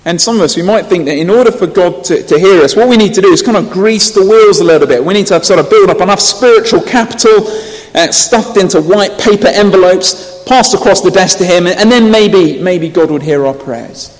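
A man preaching a sermon, telling stories earnestly and rising to loud emphasis. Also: high voice, a little fast, few pauses. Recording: long hall reverb.

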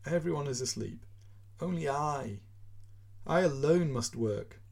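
A man's voice: fairly high pitch, animated, unhurried, creaky, a little mellow, pitched above the performer's own voice, full character voice. A man voicing a weary, self-pitying male writer who complains and whines, in a storybook reading. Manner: whining, complaining.

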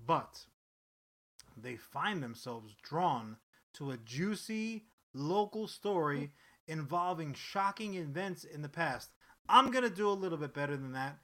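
A man's voice: a little high, expressive, measured pace, sharp tone. A man co-hosting a podcast, chatting casually in a rambling, profane style with frequent restarts. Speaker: podcast co-host. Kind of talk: casual chat.

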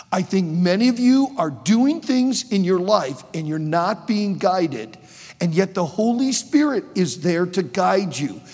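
Man preaching to students, high voice that jumps all over, big echoey hall. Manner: emphatic, animated preaching with sudden loud outbursts. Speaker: preacher and college teacher. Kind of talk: sermon to students. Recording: long hall reverb.

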